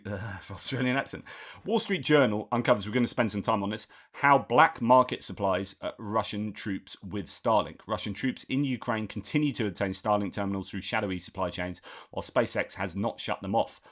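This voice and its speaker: A man's voice: low voice, a bit bright. A man hosting a news commentary channel, reading articles aloud and breaking off for his own asides, with frequent fillers.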